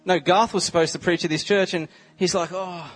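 Chatty young Australian preacher, higher voice. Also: male voice, steady tone, brisk, faint music behind. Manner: chatty, humorous storytelling with many "like" and "um" fillers. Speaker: visiting preacher. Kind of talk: casual testimony in a sermon.

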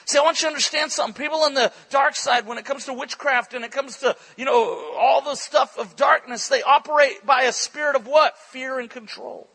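A male preacher telling a story in an animated, excitable sermon at a church conference, breaking into bursts of shouting. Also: extremely high pitch, a little fast, few pauses, breathy edge, poor audio.

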